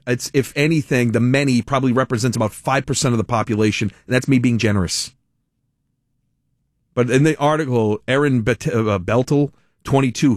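A man's voice: mid-range voice, no echo, studio quality. A man hosting a talk radio show, delivering a blunt, exasperated opinion monologue.

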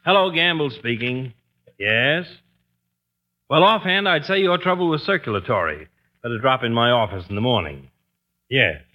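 An actor playing a pompous, sharp-tongued middle-aged doctor in a 1940s radio comedy. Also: male voice, mid-range voice, sing-song, normal speed, long pauses, muffled recording, lightly acted. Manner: pompous, cutting wisecracks.

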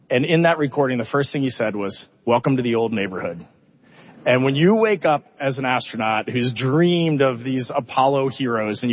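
Chatty astronaut guy opening up at a press event, emotional, bit self-deprecating, dull sound with long hall echo. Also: mid-range voice. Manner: talkative, heartfelt, self-deprecating. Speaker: astronaut, mission commander. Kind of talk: answering questions at a press event.

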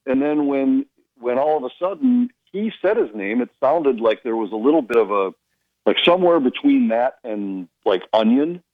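A man telling hockey broadcasting stories in casual radio chat, slipping into little imitations of the people he quotes. His voice sits at an ordinary middle pitch. The sound is dry and a bit dull, like a radio broadcast. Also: big pitch swings, moderate pace, dry recording. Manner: storytelling, mimics others' voices in quotes.

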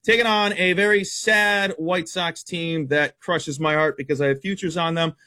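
A man with a high voice talks sports betting as a guest, blunt and brash. He reels off stats in a quick, competitive stream. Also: steady tone, pushed and bright. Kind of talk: fast stat-heavy sports betting talk.

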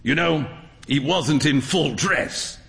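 A man voicing a jovial, teasing upper-class gentleman painter in a story reading. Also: fairly high pitch, slow, creaky, long reverb tail, full character voice. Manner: hearty, teasing, laughing.

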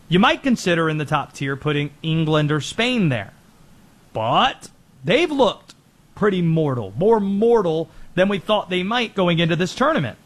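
A man hosting a sports talk show, giving brisk, opinionated commentary and rattling off players and teams. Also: on the high side, a bit bright.

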